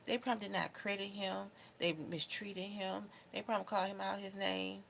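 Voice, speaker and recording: A woman's voice: mid-range voice, steady tone, moderate pace, gravelly, fairly bright tone, slight background noise. A young adult woman vlogging casually to camera, talking in an emotional, heartfelt, rambling way. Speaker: beauty vlogger.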